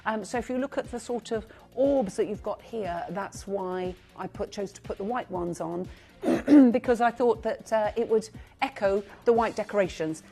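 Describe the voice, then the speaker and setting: A woman presenting live shopping TV, chatty and gushing as she reads out buyers' names, now and then clearing her throat. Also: mid-range voice, moderate pace, dark tone, faint music behind. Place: TV studio.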